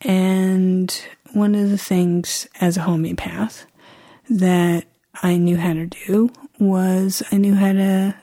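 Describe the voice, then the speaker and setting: A middle-aged woman telling a personal story in a reflective, halting way, often restarting her sentences. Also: on the low side, level tone, dark tone.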